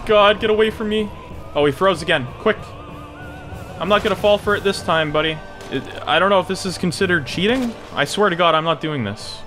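A young man giving live gameplay commentary, swinging between low mutters and panicked yelps and shouts. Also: expressive, a little fast, over music. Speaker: gaming YouTuber.

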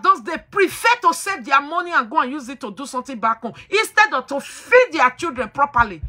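Emphatic high-voiced woman host. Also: sharp tone. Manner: emphatic and preachy, slipping into pidgin. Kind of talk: talk show commentary.

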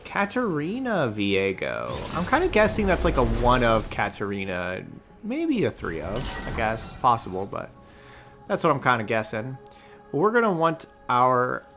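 A male streamer talks through his card game in a loose, chatty way, thinking out loud and catching his own slips. His voice sits at an ordinary middle pitch, with faint music underneath. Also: creaky. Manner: chatty, thinks aloud, self-correcting. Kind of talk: casual gameplay commentary.

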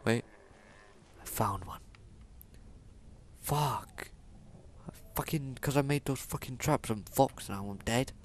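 A man commenting on his own gameplay in a mid-pitched voice, cursing at nearly every turn and yelling at the creatures on screen. Game noise runs clearly under his voice. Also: slow, pauses often. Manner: swears constantly, yells at enemies. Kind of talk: let's play commentary.

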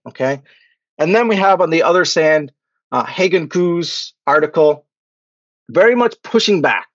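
A man's voice: on the high side, no echo. A man giving an academic lecture over a video call, checking in with "okay?" and "right?" after each point. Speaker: guest lecturer. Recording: dry, dull lo-fi call audio.

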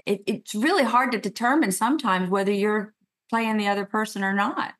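A woman's voice: medium pitch, brisk, fairly bright tone. A woman from the American South hosting an interview, effusive and repeating her praise. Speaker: talk show host. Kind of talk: casual interview chat.

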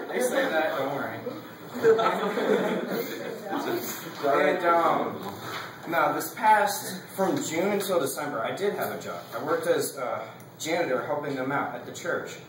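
A young man rambling through a casual class speech, leaning on "like" and laughing between his points. His voice sits a little high. The sound is echoey and distant, picked up from across a classroom with clear background noise. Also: lively intonation, takes it slowly. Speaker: student giving a speech.

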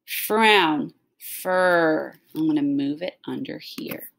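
A woman's voice: sits low, slow, vocal fry, few pauses, a bit bright. A woman teaching a recorded phonics lesson to young children, talking patiently and stretching out the sounds of words.

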